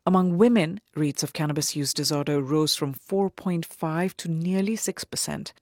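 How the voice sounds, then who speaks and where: A woman delivering a radio news report as a reporter, clear and paced. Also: sits low, moderate pace, a little mellow, no room sound, studio quality.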